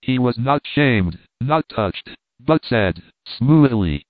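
A man narrating a story in the first person with measured, earnest delivery. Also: mid-range voice, lively intonation, no room sound. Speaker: audiobook narrator. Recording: dry, tinny phone-like sound.

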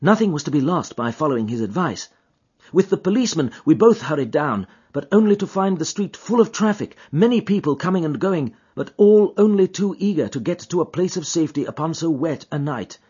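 A man reads a first-person story as an audiobook, his delivery expressive and dramatic. His voice is husky and swings widely in pitch. The lo-fi recording sounds dull. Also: fairly quick. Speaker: audiobook reader.

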